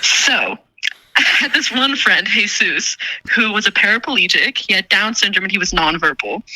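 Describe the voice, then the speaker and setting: A woman's voice: medium pitch, sharp tone, dry recording, low-quality recording. A young woman, a guest, telling a childhood story in casual chat, swearing and mocking herself with lots of restarts. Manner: profane, self-mocking, rambling with many restarts.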